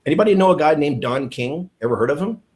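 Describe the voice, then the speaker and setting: A man giving a network marketing training talk, excitable and acting out phone calls with sudden bursts of shouting. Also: on the high side, quick pace. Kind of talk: animated sales training talk.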